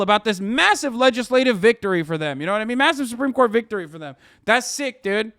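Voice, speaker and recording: High-voiced man ranting sarcastically. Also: animated, quick pace, hardly any pauses, a bit bright, no echo, studio quality. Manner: sarcastic, profane, heated. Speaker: streamer reacting to news clips. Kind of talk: ranting political commentary.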